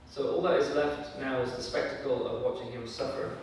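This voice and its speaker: A man preaching a sermon in an earnest, measured way, with fillers and raised emphasis when he quotes scripture. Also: mid-range voice, fairly even intonation, a little hiss or hum. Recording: echoey hall from far off.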